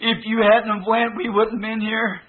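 A man's voice: high-pitched, level tone, moderate pace. A man preaching a fervent sermon, recounting a vision. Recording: tinny lo-fi old tape.

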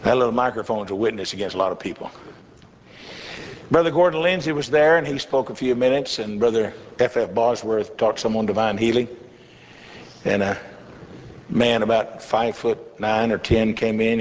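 Older man preaching folksy testimony, echoey hall. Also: fairly low pitch. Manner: folksy storytelling with chuckling asides. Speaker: pastor. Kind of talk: sermon testimony. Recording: echoey hall, slightly dull with faint hiss.

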